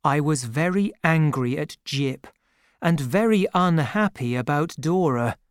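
A man reading a simplified classic novel aloud as a narrator, slow and careful, giving the characters light voices. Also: on the high side, animated, clean tone, no echo, studio quality. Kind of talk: scripted audiobook narration.

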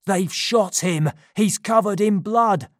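A reader voicing a rough, menacing adult male robber in a storybook reading, giving clipped, threatening commands. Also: mid-range voice, slow pace, no room sound, clean studio sound, pitched above the performer's own voice. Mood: alarmed.

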